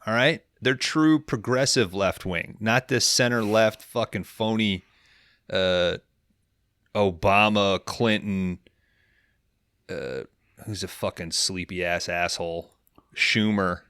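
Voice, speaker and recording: A young man co-hosting a podcast, recapping a film in casual, profane, rambling talk and slipping into quick character voices. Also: fairly low pitch, a bit bright, clean tone, no room sound, studio quality. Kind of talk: casual comedic movie recap.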